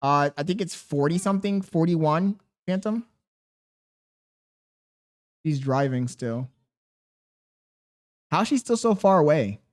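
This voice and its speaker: This man's slightly high, animated voice moves slowly with frequent pauses as he livestreams, coaxing a baby with baby talk. Between remarks he reads viewers' messages aloud and jokes around in profane slang.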